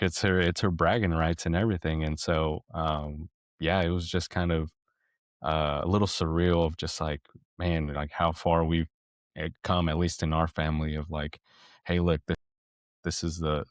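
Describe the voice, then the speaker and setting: A man with a deep, low voice tells a family story on a parenting podcast. He rambles and restarts often, and his tone turns reflective. The sound is dry and close, with no room around it. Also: little pitch movement, moderate pace, no room sound. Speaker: podcast co-host. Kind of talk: casual storytelling chat.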